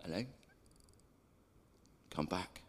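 Chatty male preacher in an echoey hall. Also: drawn-out words. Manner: chatty, engages the congregation. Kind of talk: sermon.

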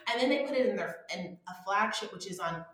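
An American woman chatting casually as a podcast co-host, animated and emphatic, often slipping into quoted voices. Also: medium pitch, brisk, very echoey. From United States. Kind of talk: casual chat.

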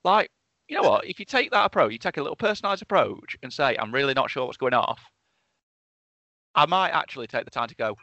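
A man from England with a bright, forceful voice, recorded dry and close. He chats and teases his friend in a playful tone. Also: medium pitch, big pitch swings, fast talker, creaky, no room sound, highs cut off. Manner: teasing, playful storyteller. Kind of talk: casual chat.

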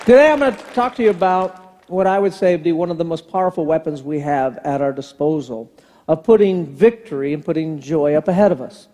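A pastor in his fifties delivers a sermon in a large church hall, where a long hall reverb lingers and some chatter can be heard behind him. He tells a family story and acts out the dialogue. His voice is a little high and warm, and he goes a little fast.

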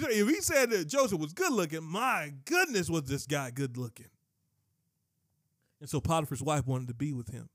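A male preacher with a fairly high voice that leaps up and down with great liveliness. He drives the sermon with emphatic asides and climbs to near shouts, recorded close and dry. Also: dry recording. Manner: animated, emphatic, swings to shouting peaks; frequent asides to the congregation like "watch this".

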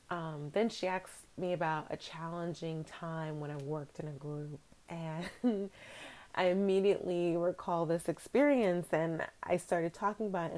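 A woman's voice: fairly low pitch, darkish tone. A woman telling a personal story in a casual vlog, chatty and full of fillers. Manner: chatty, heavy on fillers like "you know" and "like". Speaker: vlogger.

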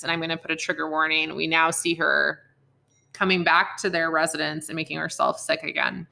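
A woman's voice: on the low side, sharp tone. A young woman casually recapping a TV drama episode, rambling with many fillers and self-corrections. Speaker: podcast co-host.

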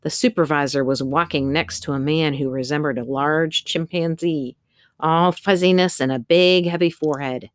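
A low-voiced woman, working as an audiobook narrator, reads a storybook in scripted narration with a steady tone and moderate pace. The recording is dry and studio quality.

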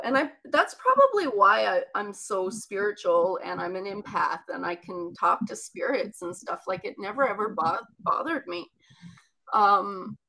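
Woman, personal storytelling, gravelly vocal fry, chatty, rambling asides. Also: medium pitch, bright, forceful tone, rough recording.

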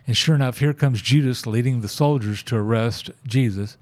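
A man with a drawl tells a Bible story the way he'd chat on a porch, folksy and easygoing. He slips into the voices of the people he quotes. His pitch sits in a plain middle range. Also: moderate pace, hardly any pauses. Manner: folksy, conversational, acts out quoted lines. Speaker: church member sharing his faith story. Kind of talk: casual testimony and Bible storytelling.

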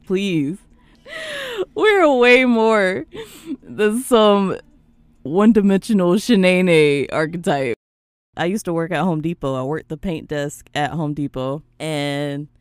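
A young woman from the American South hosting a casual podcast chat, animated and prone to mimicking other people's voices. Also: low voice, smooth, dry recording. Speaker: podcast host.

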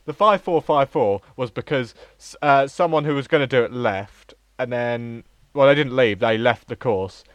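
A young man chats casually on a podcast, rambling and restarting his sentences. His voice is mid-pitched and the sound is dry and close. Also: normal speed, few pauses, no echo. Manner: chatty, rambling with restarts and giggles. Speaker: podcast co-host, drama student. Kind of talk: casual chat.

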